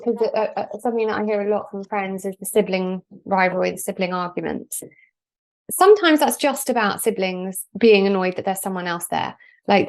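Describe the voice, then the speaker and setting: A woman hosting a podcast interview, chatty and lively, jumping in with questions. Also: fairly high pitch. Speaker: podcast host.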